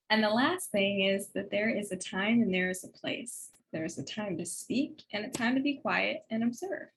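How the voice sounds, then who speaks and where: A woman's voice: medium pitch, poor audio. Woman giving a heartfelt, reflective tribute. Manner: conversational, reflective, faith-based, with soft laughs.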